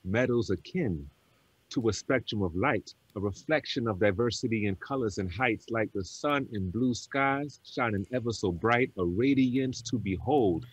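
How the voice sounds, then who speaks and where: A man's voice: fairly low pitch, normal speed, husky, dry recording, poor audio. A man who is a guest on a podcast, reciting a spoken-word poem in a rhythmic, rhyming delivery.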